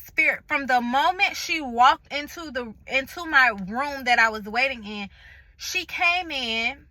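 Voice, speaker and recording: A woman vlogger shares a health update in casual, personal storytelling, emphatic and chatty, speaking straight to her viewers and acting out the conversations she retells. Her voice sits high with a sharp tone and an unhurried pace. The audio is poor but has no echo.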